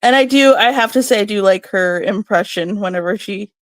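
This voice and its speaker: A woman's voice: medium pitch, brisk, dry recording. Agreeable woman from the US South. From Southern United States. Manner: agreeable and hesitant, often says yeah and I don't know. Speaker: panel guest. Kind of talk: casual gossip chat.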